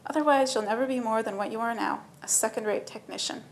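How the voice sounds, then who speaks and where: A woman's voice: on the high side, quick pace, natural voice. A woman voicing a laid-back but blunt male supervisor who talks casually. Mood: scolding.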